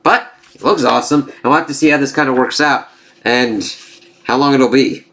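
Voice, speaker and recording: A man's voice: medium pitch, moderate pace, fairly bright tone. A male reviewer talks through a comic issue in a casual, rambling way. He has a mid-range voice and drops the odd curse. His restarts and asides make it sound unscripted. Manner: rambling, casual, swears freely.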